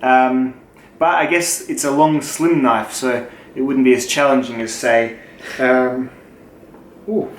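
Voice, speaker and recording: This time the young Australian channel host slows down, speaking at a slow pace in a steady, mid-range voice. He's still answering viewer questions in a loose, joking manner full of swearing, and the casual Q&A echoes around a room with faint noise.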